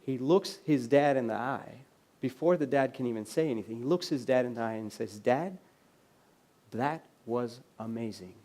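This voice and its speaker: A man giving a conference keynote in a lecture hall, telling stories conversationally and dropping to a quiet voice for quoted lines. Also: medium pitch, brisk. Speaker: keynote speaker.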